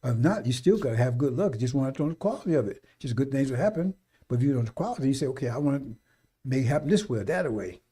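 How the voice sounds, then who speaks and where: A man's voice: medium pitch, expressive, racing, warm tone, breathy edge. A man talking on a radio stream, rambling and scolding in a folksy way, now and then mocking people in put-on voices. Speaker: radio preacher. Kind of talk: unscripted radio talk.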